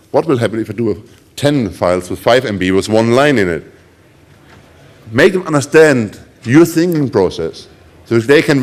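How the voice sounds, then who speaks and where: Middle-aged German-accented man giving a talk. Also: medium pitch. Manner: animated, ironic storytelling with acted quotes. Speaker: conference speaker. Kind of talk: conference talk.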